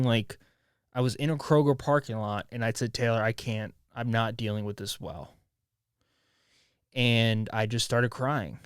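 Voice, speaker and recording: A man in his twenties hosts a solo podcast, talking candidly in a raw, rambling way, often restarting sentences and swearing. His mid-range voice is clean, recorded with studio quality and no echo.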